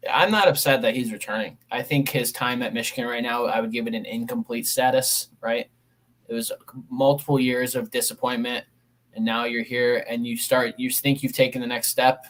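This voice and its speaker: A man's voice: medium pitch, steady tone, moderate pace, a bit bright. Blunt man quoting sports stats. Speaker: podcast guest. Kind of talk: casual sports talk.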